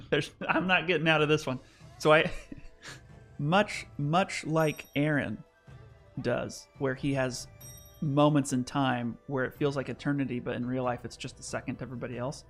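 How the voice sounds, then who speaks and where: A man hosting a casual gaming livestream, talking excitedly, laughing at himself, and rambling through his reactions. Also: mid-range voice, moderate pace, soft background music. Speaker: livestream host.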